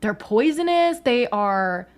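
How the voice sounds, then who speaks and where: A woman in her late twenties co-hosts a book podcast, speaking slowly in an expressive voice on the high side. The chat is casual, and she's bubbly and giggly as she retells scenes from the book.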